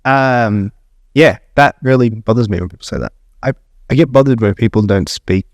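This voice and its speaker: A man's voice: medium pitch, moderate pace, dry recording, studio quality. An Australian man co-hosting a podcast, chatting casually, laughing often and swearing as he tells stories. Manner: laughing, swearing, animated storytelling. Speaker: podcast co-host. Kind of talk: casual chat.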